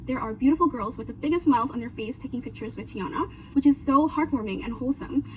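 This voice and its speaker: A woman's voice: sits high, darkish tone, slight background noise, rough recording. A young woman giving an earnest class presentation, walking through her points one by one. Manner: earnest, explanatory, lists points with "so" and "now". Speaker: student presenter.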